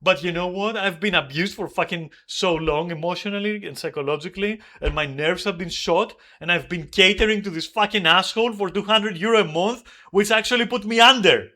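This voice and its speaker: A man streaming an angry, profane rant about his old flatmate, yelling at times. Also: sits high, a little fast, few pauses. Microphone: desk microphone.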